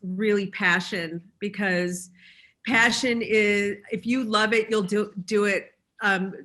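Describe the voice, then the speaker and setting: A woman on a business panel who runs a school, speaking earnestly and often pausing to find her words. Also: medium pitch, fairly even intonation, sharp tone. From Chicago. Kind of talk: panel discussion.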